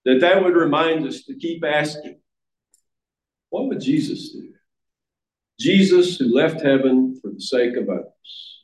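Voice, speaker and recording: A man's voice: on the high side, expressive, normal speed, a little hiss or hum. A man preaching a sermon in a church, earnest and emphatic, sometimes restarting his phrases. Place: church sanctuary. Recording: echoey church room.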